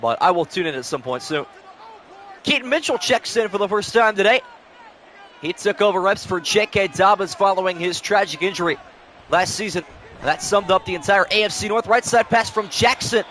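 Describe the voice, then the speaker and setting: A man's voice: sits high, expressive, moderate pace, fairly bright tone, a little hiss or hum. A young man calling play-by-play on a live stream, switching between announcer-style calls and casual chat with viewers, short on sleep.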